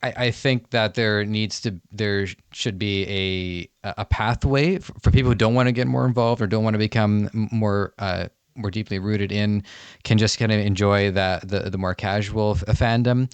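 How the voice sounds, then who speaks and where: A male podcast host with a deep, resonant voice talks through his ideas in a reflective, measured way. The sound is dry and close, with no room around it. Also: fairly even intonation, smooth, no room sound. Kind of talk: podcast interview conversation.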